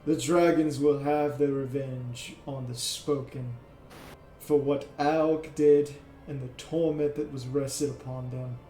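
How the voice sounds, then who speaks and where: Guy playing a cold old archon, slow and calm, a bit low, echoey room w faint music. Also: natural voice. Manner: calm, measured proclamations. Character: aged male archon, cold and dragon-devoted.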